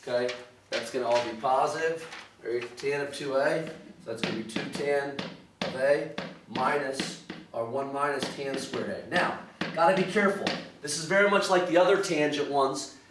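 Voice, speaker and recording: A male math teacher talks through trig problems in a relaxed, repetitive way, checking in with "okay?" after each step. His voice sits at an ordinary pitch and comes across a bit distant from the mic. The room is echoey, with clear background noise. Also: normal speed. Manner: casual, repetitive "okay, all right" checks. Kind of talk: recorded math lesson walkthrough.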